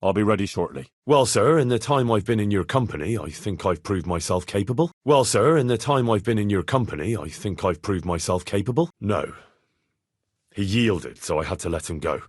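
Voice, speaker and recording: An actor playing an earnest, dutiful young squire in a medieval game, speaking plainly and deferentially in recorded dialogue lines. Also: male voice, lowish voice, expressive, fairly quick, breathy edge, no echo, clean studio sound. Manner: plain, sincere and deferential, with many lines read twice. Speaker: player character in a game. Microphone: close studio mic.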